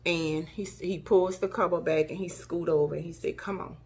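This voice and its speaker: A woman's voice: on the low side, steady tone, normal speed, a little mellow. A middle-aged woman tells a personal story to camera, emotional, acting out gasps and cries as she recalls them. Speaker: vlogger.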